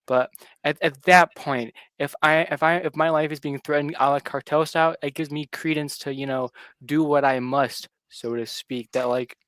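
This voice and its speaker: A man's voice: on the high side, steady tone, moderate pace, fairly bright tone, no room sound. Blunt, edgy man in stream banter. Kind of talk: casual chat on a live stream.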